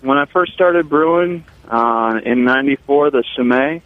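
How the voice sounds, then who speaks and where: A man's voice: medium pitch, normal speed, no echo. A laid-back brewer talks plainly over the phone, his voice narrowed to a tinny, lo-fi band. The line is dry, with no room sound around it, and he leans on fillers as he chats. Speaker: brewer and festival organizer, phone guest. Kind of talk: casual radio chat. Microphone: telephone.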